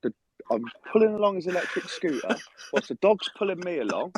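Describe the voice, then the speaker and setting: A man's voice: sits high, fairly quick. A man, telling a story in casual chat over a call from outside in his garden, swearing a lot. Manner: animated storytelling with heavy swearing. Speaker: footballer calling in. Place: outdoors in a garden.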